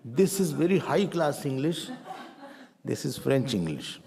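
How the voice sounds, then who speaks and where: A middle-aged man with an Indian accent, teaching a spiritual class in a lively, playful way. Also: mid-range voice, vocal fry. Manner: animated, playful, mixes Hindi phrases. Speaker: Vedanta teacher.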